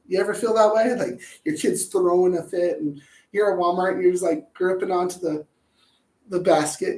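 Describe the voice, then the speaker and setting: A woman's voice: on the low side, animated, normal speed. A woman gives a loose, chatty talk about parenting. She jokes and slips into little acted voices. She sounds some way off from the mic, in a room with plenty of echo. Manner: chatty, jokey, acts out voices and sings snatches. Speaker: parenting educator. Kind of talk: casual presentation. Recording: echoey room, voice from a distance.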